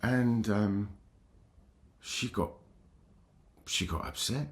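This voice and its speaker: A deep-voiced man recounts a personal story on his channel. He talks haltingly and emotionally, often stopping and starting over mid-sentence. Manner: halting, emotional, with frequent restarts. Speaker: channel host.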